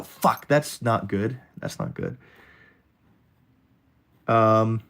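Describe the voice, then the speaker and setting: A man's voice: mid-range voice, expressive, slow pace, creaky, pauses often, a bit bright. A man streaming live while he draws, rambling in a jokey way and talking straight to his chat. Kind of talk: casual livestream chat while drawing.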